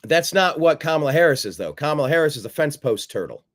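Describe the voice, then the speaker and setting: A man's voice: a little high, sing-song, fast. A man hosting a political commentary show, combative and sarcastic, repeating phrases for emphasis. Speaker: host.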